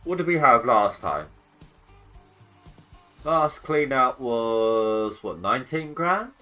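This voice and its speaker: A man's voice: medium pitch, very animated, slow, pushed and bright, faint music behind. A man streaming a video game live, chatting casually and joking as he thinks aloud about his progress. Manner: rambling, jokey, thinking aloud. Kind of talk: casual gameplay commentary.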